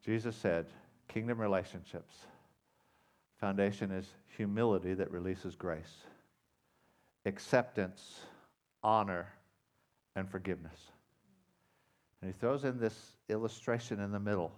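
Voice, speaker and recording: A man preaching a sermon as pastor, retelling a parable with dramatic emphasis that swings from loud to quiet. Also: lowish voice, unhurried, long pauses. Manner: dramatic storytelling, loud rising emphasis then quiet intensity.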